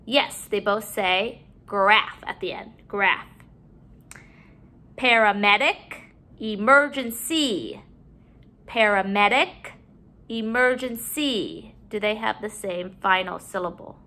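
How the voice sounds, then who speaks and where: A woman teaching a phonics lesson to young children at home, drawing out each word slowly and clearly. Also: mid-range voice. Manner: slow, drawn-out modeling of words, bright sing-song emphasis.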